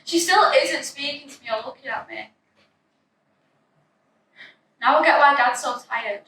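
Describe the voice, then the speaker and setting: A young woman narrates her own story in the first person, sounding anxious and breathless in a high, bright voice. The recording is distant and very echoey, with a faint hiss in the background.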